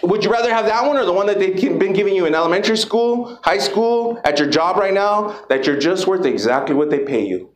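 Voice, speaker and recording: High-voiced, profane motivational speaker, man. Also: a little fast, hardly any pauses. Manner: energetic, profane, calls out to the crowd. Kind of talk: motivational talk to a live audience. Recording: echoey room with background noise.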